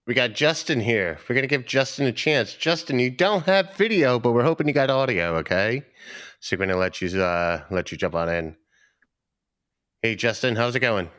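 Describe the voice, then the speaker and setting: Man, stream host, teasing and jokey, very animated pitch, mid voice. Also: moderate pace. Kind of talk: joking live stream banter.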